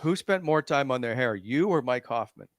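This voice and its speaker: A man's voice: mid-range voice, animated, normal speed, dry recording, studio quality. A man hosting a sports talk show, chatting loosely and reading sponsor ads with many fillers. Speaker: podcast host. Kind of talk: casual chat and live sponsor reads.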